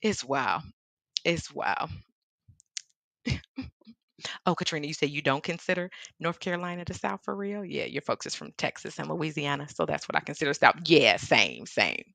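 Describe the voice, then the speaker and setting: A woman with a Chicago accent, from the Midwest, hosting a relaxed livestream while she paints. Her voice sits on the low side and sounds dry and close. She chats warmly with viewers, reads out their comments and laughs often. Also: normal speed, gravelly, pauses often, no room sound. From American Midwest. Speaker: artist livestream host. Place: home studio in Seattle.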